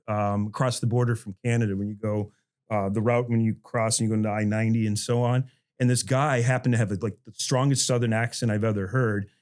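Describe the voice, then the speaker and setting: A middle-aged man at an everyday mid pitch talks like a professor thinking out loud. His sentences keep breaking off and restarting as he wanders into asides, and he chuckles between points. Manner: rambling, many restarts and asides, chuckles while talking. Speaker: history professor on a faculty podcast. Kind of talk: casual panel discussion.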